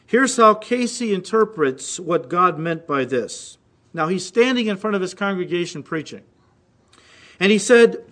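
High-pitched guy preaching a sermon, acts out the quotes he reads. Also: animated, a little slow, a bit bright. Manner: reads quotes aloud, mimicking voices with rising intensity. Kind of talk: recorded sermon.

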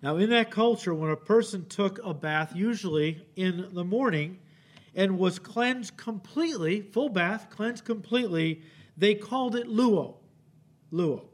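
Male pastor preaching, kinda high voice, acts out the quotes, keeps asking okay?. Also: unhurried. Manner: animated, acts out quotes, frequent "okay?" check-ins. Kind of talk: expository sermon. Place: church sanctuary.

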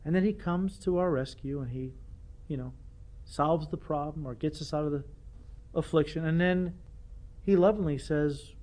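Animated older male pastor preaching. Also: on the high side, moderate pace, pauses often. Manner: animated, self-deprecating preaching with frequent repetitions. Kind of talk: sermon.

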